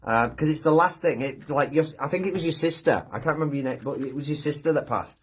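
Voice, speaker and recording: A man hosting a live chat, talking gently and from the heart with many pauses and restarts. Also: a little high, husky. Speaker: live stream host. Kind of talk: casual live chat, reading viewer comments.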